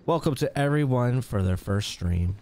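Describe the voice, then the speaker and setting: A male livestream host chats casually, reading viewer names aloud and chuckling often. His medium-pitched voice has lively intonation, normal speed, and a slightly mellow quality, with a little background noise.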